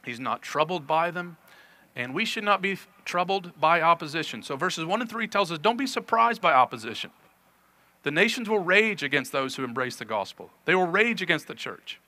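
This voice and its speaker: Male pastor, bright voice, earnest sermon delivery with emphatic scripture reading. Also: on the high side, big pitch swings, normal speed, no echo. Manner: earnest preaching, reads scripture aloud with emphasis.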